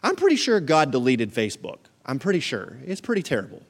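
A man's voice: a little high, huge pitch swings, a little fast. Emphatic male pastor preaching. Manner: preaching with rising emphatic build-ups and joking asides. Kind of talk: sermon. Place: church.

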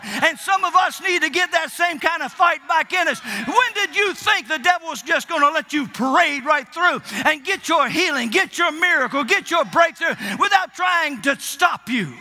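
A man preaching a Pentecostal sermon, stammering into his stories and building to fervent shouting. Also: very high-pitched, moderate pace, few pauses.

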